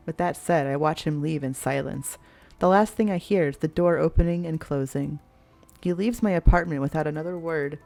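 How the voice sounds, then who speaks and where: Low-voiced woman streamer reading a game. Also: normal speed, faint music behind. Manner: expressive, swears freely, laughs at the story. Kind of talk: reading a visual novel aloud with commentary.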